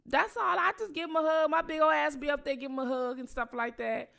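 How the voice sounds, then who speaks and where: A woman's voice: high voice, fairly even intonation, brisk, creaky, sharp tone. A woman hosting her own channel, giving casual political commentary in a profane, repetitive, emphatic way. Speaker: channel host.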